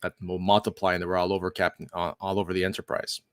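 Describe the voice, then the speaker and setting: A man's voice: sits low, monotone, fast, a bit bright, no echo, clean studio sound. A man with a Quebec French accent, hosting a livestream in rambling, laid-back chat and swearing freely. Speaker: livestream host. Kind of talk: casual chat.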